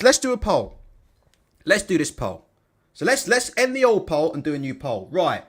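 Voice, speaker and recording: A man hosting a live stream, talking high and swinging his pitch all over the place. He is blunt and sweary, breaks into laughs and reads viewers' comments aloud in a loose, chatty way. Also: fairly bright tone. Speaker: livestream host.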